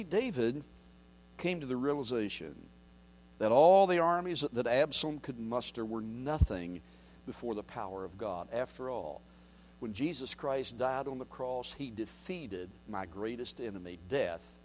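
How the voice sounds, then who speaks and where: A man preaching a sermon, reading scripture aloud and swinging from quiet, low murmurs to loud, raised declarations. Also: expressive, normal speed. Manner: reads scripture aloud and asks the congregation to repeat. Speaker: pastor.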